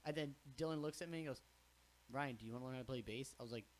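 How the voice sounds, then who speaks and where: A young man chats casually as a podcast host, spinning animated stories and swearing freely. He jumps into other people's voices as he tells them, with a mid-pitched voice. A faint hiss sits under the recording. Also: rapid-fire. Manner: animated storyteller, swears freely, acts out quotes. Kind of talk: casual chat.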